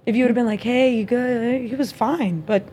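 A woman with a slightly high voice tells a dating story on a podcast, animated and profane. She acts out every line of the conversation in casual chat. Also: moderate pace, slight background noise. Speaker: podcast host.

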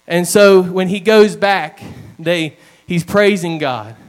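A man's voice: sits high, slow pace. A man preaching a sermon, retelling stories in an earnest, storytelling way.

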